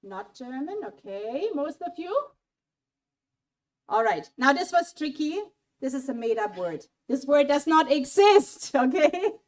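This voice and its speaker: A woman with a bright, high-pitched voice leads a playful quiz for an audience gathered in a small auditorium. She speaks into a handheld mic, coaxing people to pick answers and keeping the room engaged. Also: unhurried. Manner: lively, coaxing, quizzes the audience. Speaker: German language speaker at a college event. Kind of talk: interactive audience quiz talk. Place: auditorium mini hall.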